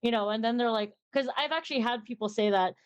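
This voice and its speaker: Young woman, casual interview chat, talkative and rambling, slightly high voice. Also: quick pace, clear, resonant tone, lo-fi sound. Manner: chatty, rambling, acts out little dialogues with a lifted voice. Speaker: streamer and interview guest.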